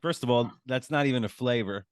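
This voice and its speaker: A man's voice: mid-range voice, a little fast, no echo, clean studio sound. A man, a guest comedian, talking through joke ideas in a casual chat, storytelling and acting out little voices. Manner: storytelling, acts out voices for jokes.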